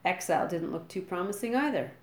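A woman reading a storybook aloud in a lively, expressive way. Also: on the low side, fast talker. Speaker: narrator. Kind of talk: storybook narration. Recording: roomy echo.

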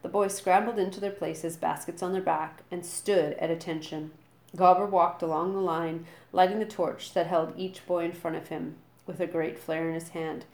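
A woman reading a storybook aloud in a lively, expressive way. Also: on the low side, moderate pace. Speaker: narrator. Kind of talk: storybook narration. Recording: roomy echo.

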